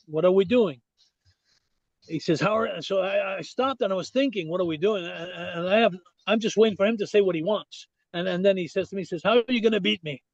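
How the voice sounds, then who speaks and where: A podcast guest, an older Québécois man with a French accent, tells a story in an interview. His pitch is high for a man, and he's animated, restarting often and repeating "I said." The audio is muffled and dry, like a low-fidelity remote call.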